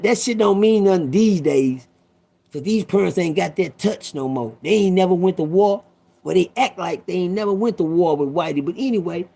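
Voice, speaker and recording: A man's voice: high-pitched, vocal fry, a little mellow, breathy edge. A man in his fifties telling a personal story in a rambling, profane way, talking straight to his listeners. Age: 50s.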